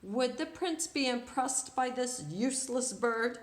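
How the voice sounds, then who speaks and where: A woman reading a picture book aloud in an expressive, playful storytelling way. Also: a little high, unhurried. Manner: animated, playful voices for the story. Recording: roomy echo.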